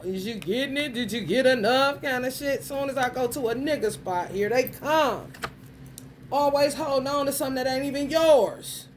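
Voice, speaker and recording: A woman vlogger launches into a profane stream-of-consciousness rant, blunt and crude and packed with swearing and street slang. Her voice is slightly high, and there's a little background noise.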